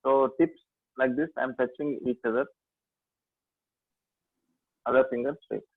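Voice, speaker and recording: A man with an Indian accent teaching a yoga class, giving halting instructions with many fillers. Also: mid-range voice, fairly even intonation, gravelly, no echo. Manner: slow, halting instructions with many fillers, chanting and singing tones. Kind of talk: guiding a mudra and mantra class. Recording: dry, phone-like lo-fi sound.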